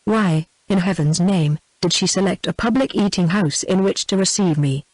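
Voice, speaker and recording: A synthetic woman reading an eager young gentleman. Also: lowish voice, moderate pace, no echo, lightly acted. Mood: plain.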